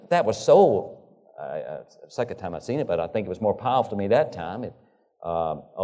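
A man preaching in a reverberant hall, his voice warm and mellow. He talks haltingly, doubling back on his words, and his pitch climbs and falls a lot as he stresses a point. He asks his listeners rhetorical questions. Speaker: pastor. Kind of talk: sermon.

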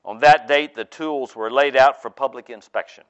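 A man's voice: medium pitch, moderate pace, fairly bright tone, clean tone. Male preacher, emphatic sermon delivery, lots of uh and restarts, muffled lo-fi recording. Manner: emphatic with many fillers and restarts.

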